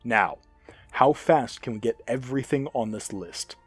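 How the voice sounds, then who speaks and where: A furious, easily provoked alien captain barks orders and blusters indignantly, as a man puts him on. The husky, low voice leaps around in pitch as he rages, with soft music underneath. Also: lively intonation, unhurried, dry recording. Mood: commanding.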